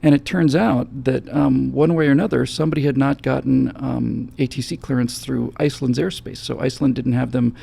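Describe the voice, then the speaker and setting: A man with a heavily gravelly, husky voice races through a story in casual chat. His tone is dark and mellow, and he tells it in an animated way, now and then mimicking a calm airline pilot. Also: mid-range voice, a little fast, hardly any pauses. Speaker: host. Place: studio set, seated.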